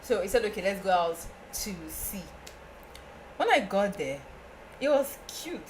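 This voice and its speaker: A young woman with a Nigerian accent, a podcast guest telling a story in casual chat, animated and often laughing. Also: unhurried, slight background noise. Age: young adult. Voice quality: laughing, animated, breaks into high squeals.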